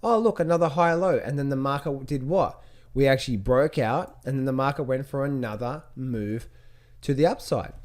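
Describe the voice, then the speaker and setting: Man teaching charts with rhetorical questions. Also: on the high side. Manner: rhetorical questions, repetitive, animated. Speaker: trading educator. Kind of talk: screen-share chart lesson.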